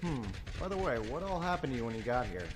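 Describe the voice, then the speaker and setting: A man's voice: mid-range voice, expressive, fast talker, background noise, natural voice. A man voicing a dry, questioning freelancer soldier. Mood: wry. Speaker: character in a fan animation entry. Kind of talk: animated action short dialogue.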